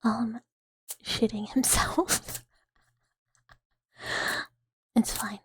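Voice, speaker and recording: A woman in her thirties hosting a whispered ASMR livestream, breathy and giggly, rambling as she greets chat on a close mic. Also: on the high side, fairly even intonation, extremely slow, no echo. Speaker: ASMR streamer.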